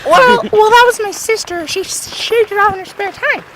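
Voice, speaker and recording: A young man putting on a high, whiny voice for a spoiled birthday boy. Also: normal speed. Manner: squeaky, high, pleading. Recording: noisy street recording.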